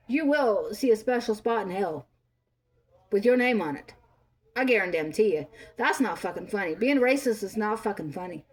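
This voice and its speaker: Woman, 30s, vlogger, angry rant, swears a lot, scolding, fairly high voice. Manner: blunt, profane, scolding.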